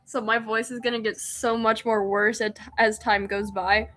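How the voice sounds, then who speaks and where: A woman's voice: on the high side, level tone, moderate pace, fairly bright tone, faint music behind. A woman streamer reading a visual novel aloud, narrating in first person and breaking off into giggly, self-mocking asides.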